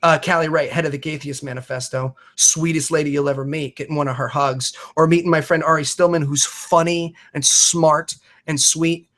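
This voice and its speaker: A man's voice: a little high, steady tone, moderate pace, hardly any pauses, a bit bright. A man, a podcaster and comedian, talking earnestly and emphatically in a casual video-call conversation, swearing freely and often restarting his sentences.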